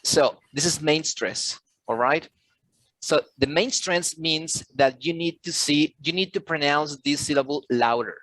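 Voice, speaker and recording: A man running an English class, speaking patiently and repeating his points as he quizzes his students. His voice sits a bit high for a man, and the sound is close and dry with no room to it. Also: unhurried, a bit bright, no room sound. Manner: switches into Spanish to explain. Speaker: English teacher. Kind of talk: online class lesson.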